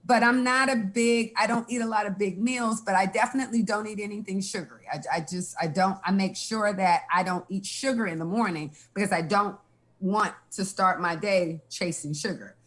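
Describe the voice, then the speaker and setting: A woman's voice: mid-range voice, normal speed, a bit bright. A woman giving frank, emphatic health advice in casual chat, laughing now and then. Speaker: health guest.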